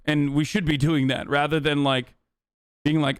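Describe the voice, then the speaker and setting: Man, livestream host, casual profane commentary, slightly high voice, smooth tone. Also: a little slow, no room sound, clean studio sound. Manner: blunt, profane, rambling with fillers.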